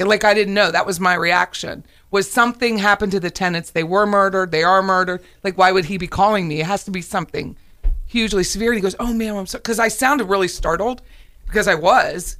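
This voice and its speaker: A woman hosting a casual chat, telling stories in a lively way and acting out phone calls. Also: mid-range voice, a little fast. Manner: animated storyteller, acts out calls. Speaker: host, realtor.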